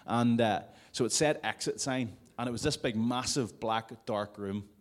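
A man's voice: medium pitch, normal speed. A man preaching a sermon to a congregation in a conversational way, with jokey asides. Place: church service before a congregation.

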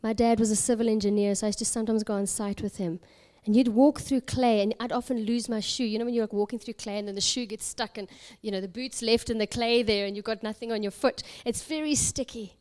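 A high-voiced woman from South Africa preaches by telling a parable. Her delivery is expressive and dramatic, and she sometimes drops to a near whisper for emphasis. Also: fast talker, few pauses. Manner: expressive, dramatic storytelling with hushed whispered moments. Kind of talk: sermon storytelling.

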